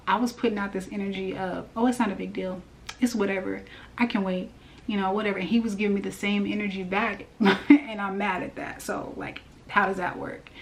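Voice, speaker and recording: A woman giving a casual spiritual message, telling a personal story in a chatty way with lots of fillers. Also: mid-range voice. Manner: chatty, animated, many fillers and laughs. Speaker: spiritual reader.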